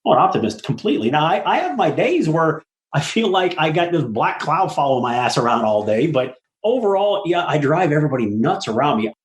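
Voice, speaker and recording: In an echoey room, a middle-aged man chats casually as an interview guest, an apartment syndicator and animated storyteller who swears freely and mimics whoever he's quoting. He speaks on the high side, fairly quickly, with hardly any pauses.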